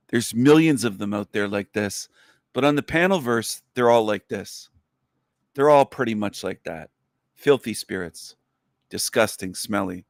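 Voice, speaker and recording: A man hosting a livestream, delivering an angry, profane, repetitive rant whose pitch climbs sharply as he gets worked up. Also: no room sound, studio quality. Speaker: livestream host. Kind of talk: ranting livestream monologue.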